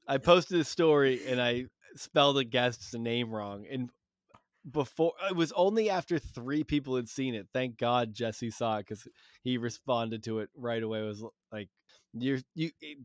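A man's voice: medium pitch, normal speed, no room sound, studio quality. A man hosting a casual podcast chat, laughing often and blunt, with crude humor. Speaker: podcast host.

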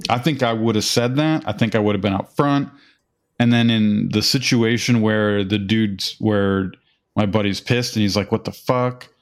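A man with a somewhat low voice tells a rambling, profane anecdote in relaxed podcast chat. He acts out the people in his story as he goes. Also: moderate pace. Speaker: podcast host.

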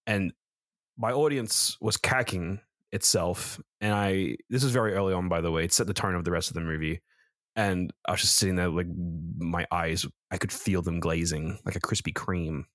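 A rambling man with a lowish voice talks films with a co-host. He trips over his own sentences and swears casually. The sound is close and dry. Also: fairly even intonation, normal speed, fairly bright tone, no echo. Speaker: podcast co-host, film reviewer. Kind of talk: casual review chat.

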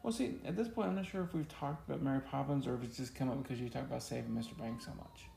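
A man with a medium-pitched, creaky, warm voice talks at a racing pace. As a podcast co-host in a casual chat, he jokes and teases, dropping a Southern "y'all." The recording has an echoey room and faint noise.

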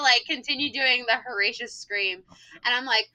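Bright, lively woman telling stories. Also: a little high, a little fast, low-quality recording. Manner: swears freely, acts out voices in anecdotes. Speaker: elementary school teacher and podcast player. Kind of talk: animated casual storytelling.

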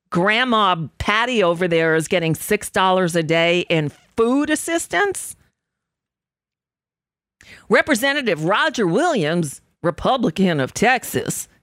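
Woman talk host, angry profane ranter, animated, dry close sound. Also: mid-range voice, no room sound. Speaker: radio talk show host. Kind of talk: political talk radio monologue.

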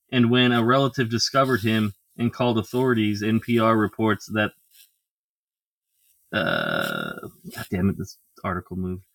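A man's voice: lowish voice, no room sound. A man co-hosting a podcast, reading out a news story and chatting crudely and jokingly. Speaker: podcast co-host. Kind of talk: casual chat.

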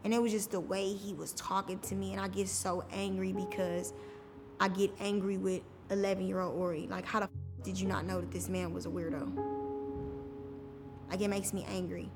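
A woman's voice: medium pitch, little pitch movement, moderate pace. A woman telling her own story on a podcast, casual and candid, often saying "like". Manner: casual, frequent "like" fillers. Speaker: podcast guest. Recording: reverberant room with faint music.

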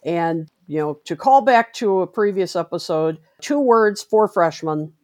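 Woman, podcast co-host, low voice, slow pace, dry close sound, enthusiastic. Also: lively intonation, darkish tone, no echo. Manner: enthusiastic, measured. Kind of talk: casual music chat.

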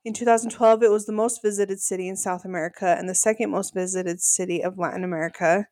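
A woman's voice: mid-range voice, quick pace, no room sound. Chatty woman podcast co-host, dry sound. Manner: chatty, acts out quotes in animated voices. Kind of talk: casual recap chat.

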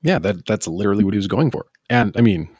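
A man co-hosting a casual podcast chat, rambling and riffing with animated asides. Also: fairly low pitch, fast talker, no echo, clean studio sound.

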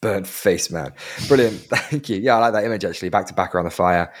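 Lower-voiced man running the game. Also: fast talker. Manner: playful, rambling narration with slips and laughs. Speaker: game master. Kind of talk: narrating a tabletop game.

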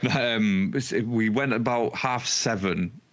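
A man's voice: on the low side, unhurried, highs cut off. A man co-hosting a casual podcast, rambling with fillers and restarts. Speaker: podcast co-host. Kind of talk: casual chat.

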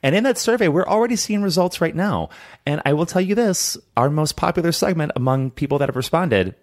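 A man's voice: on the high side, expressive, a little fast. A man co-hosting a podcast, chatting casually and gushing with enthusiasm, with lots of fillers. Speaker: podcast co-host. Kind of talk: casual chat.

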